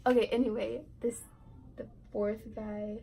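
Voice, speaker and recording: A woman's voice: a little high, flat delivery, a little slow, gravelly, dark tone, slight background noise, poor audio. A teenage girl vlogger telling a casual storytime, rambling and giggly, full of "like" and "right". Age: teens.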